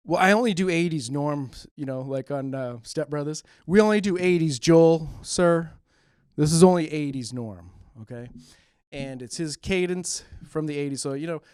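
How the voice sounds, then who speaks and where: A man's voice: a little high, a little mellow, no room sound. A man hosting a local cable comedy show in a TV studio, chatting in a rambling, filler-heavy way. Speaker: host. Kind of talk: comedy monologue.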